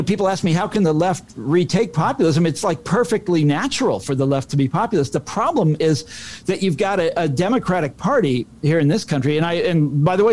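A male author guest explains his ideas at length, often stumbling and restarting words. His voice sits a little higher than most men's. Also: darkish tone. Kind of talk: interview answer.

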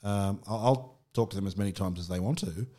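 A man's voice: fairly low pitch, a little fast, warm tone. A middle-aged Australian man telling personal stories candidly in casual conversation, with frequent restarts. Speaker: podcast guest.

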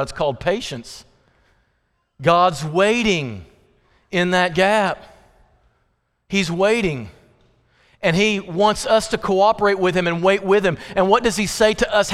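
High-voiced preacher in an echoing church. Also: male voice, a bit bright. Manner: impassioned, voice rising into pleading questions and dropping low and slow for emphasis. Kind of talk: sermon. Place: church sanctuary. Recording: long reverb of a church hall.

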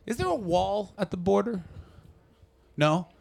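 A man from Canada doing brash, profane stand-up crowd work, often jumping into loud shouted voices. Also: high-pitched, sing-song, a little slow, creaky. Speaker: stand-up comedian. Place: comedy club with audience.

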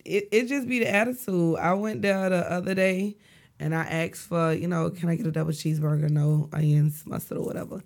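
Brief: young female co-host, fry in the voice, sassy casual storyteller. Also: lowish voice, steady tone, brisk, a little mellow. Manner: blunt, sassy, acts out quotes. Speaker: podcast co-host.

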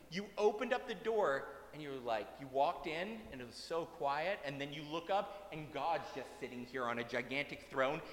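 A male pastor gives a sermon in a relaxed, humorous, conversational way. His voice sits fairly high, and the church hall around him adds a long, rolling reverb.

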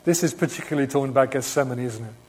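A man preaching a sermon, swinging between emphatic proclamation and hushed reflection, often asking his listeners rhetorical questions. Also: mid-range voice, racing, slightly rough. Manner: asks rhetorical questions of the congregation.

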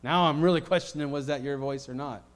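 A middle-aged man preaching a sermon in a conversational, animated way, swinging between loud declarations and quiet asides. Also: a little high, fast.

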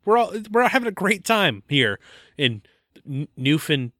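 A man's voice: high-pitched, big pitch swings, moderate pace, sharp tone, no room sound, studio quality. A man co-hosting a casual movie-review podcast, joking and recapping the plot with stumbles and laughs. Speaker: podcast co-host.

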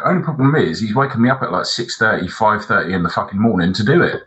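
Brief: male podcast co-host, lowish bright voice, tells sweary rambling stories. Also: lively intonation, quick pace, hardly any pauses, muffled recording. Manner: rambling anecdotes, heavy swearing. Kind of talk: casual chat.

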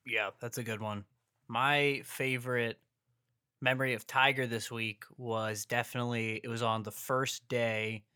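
A young man co-hosting a casual sports podcast, lighthearted and quick to laugh. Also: mid-range voice, flat delivery, bright, forceful tone, clean tone, no room sound, studio quality. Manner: laughs often, lighthearted teasing. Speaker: podcast co-host.

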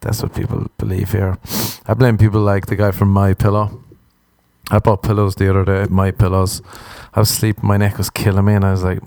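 A man's voice: low voice, flat delivery, fairly quick, darkish tone, dry recording, studio quality. A young Irish man hosting a podcast, ranting in a profane, exasperated, sarcastic comic monologue. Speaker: podcast host. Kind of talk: comedic solo podcast rant.

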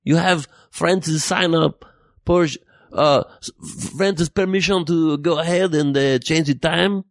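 A man's voice: a little high, no echo, clean studio sound. A man voicing a bumbling male French official on a phone call, with an exaggerated put-on French accent. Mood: eager. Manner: exaggerated comic accent, halting.

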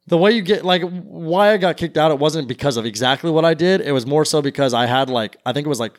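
A man's voice: fairly high pitch, animated, fast. A young man telling a long rambling story in casual chat, acting out what people said. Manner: rambling, quotes people in their voices. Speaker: podcast guest.

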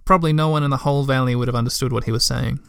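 Man narrating a storybook, gentle and measured, dry close sound. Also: medium pitch, fairly even intonation, creaky, smooth, no echo. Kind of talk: storybook reading.

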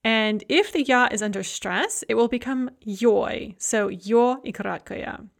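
A woman teaching a grammar lesson, explaining rules clearly and reading out pairs of example words. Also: a little high, measured pace. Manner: clear, methodical, reads example word pairs aloud. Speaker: language teacher.

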